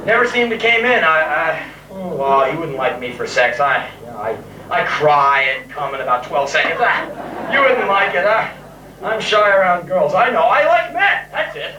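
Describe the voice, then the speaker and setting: A man's voice: on the high side, lively intonation, normal speed. A man in his thirties telling a sarcastic, self-mocking story live on a pub stage and swearing freely. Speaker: spoken word performer. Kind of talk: live spoken word storytelling. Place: pub stage in front of an audience. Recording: echoey, distant, noisy live bootleg tape.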